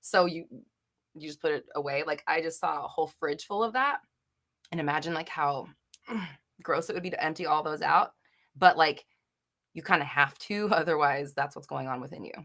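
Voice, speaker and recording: Bright-voiced chatty young woman streaming live. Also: deep voice, normal speed, gravelly. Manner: chatty, giggly and swearing, with many fillers. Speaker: host of a live Q&A chat. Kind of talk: casual live-stream chat, reading comments. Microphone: desk microphone.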